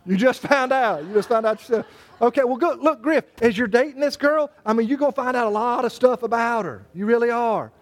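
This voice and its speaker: Male pastor, high voice, folksy preaching, jokes with the congregation. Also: a little fast. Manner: folksy, joking, addresses congregation by name. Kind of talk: sermon.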